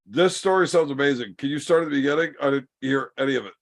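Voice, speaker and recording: Deadpan, gravelly host teasing his guest. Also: medium pitch, fast talker. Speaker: podcast host. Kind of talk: casual chat.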